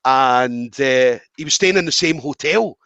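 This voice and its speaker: Speaking at an unhurried pace, a Scotsman with a medium pitch hosts a podcast and tells a casual story, animatedly voicing the quoted dialogue and cursing freely. There's no room sound, and the audio is dry and somewhat dull.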